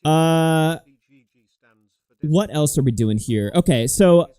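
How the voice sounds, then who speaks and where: A man streaming live, venting in a heated, profane rant before moving on to read viewer donations. His voice sits a little high for a man but has a mellow, soft-edged tone. The close mic leaves the sound dry, with no room echo. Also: animated, slow, clear, resonant tone. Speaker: livestream host. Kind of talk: casual livestream rant and reading donations.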